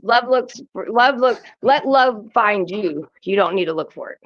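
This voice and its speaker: A woman's voice: mid-range voice, expressive, a little slow, dull audio. A woman on a podcast panel, telling stories in a blunt, profane, casual way.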